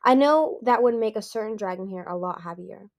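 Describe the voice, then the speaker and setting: A huge ancient male dragon, read by a woman, smooth, sure of himself and quick to persuade. He talks breezily, with a slightly raised pitch and a cross edge. This is storybook dragon talk. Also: darkish tone, dry recording, clean studio sound, natural voice. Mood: persuasive.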